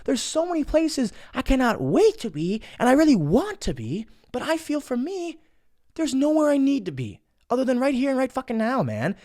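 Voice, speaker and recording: A man's voice: very high-pitched, wildly swooping pitch, moderate pace, dark tone, no room sound, studio quality. A young man hosting a casual solo podcast, rambling with lots of swearing, repeated words and restarts. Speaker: podcast host. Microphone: studio mic.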